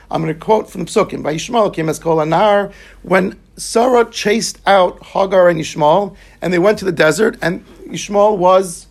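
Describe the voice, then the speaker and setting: Talmud teacher, man, raised pitch, some fry, steady explaining. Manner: explains Aramaic text line by line in English, yeshivish terms. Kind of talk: Talmud class lecture.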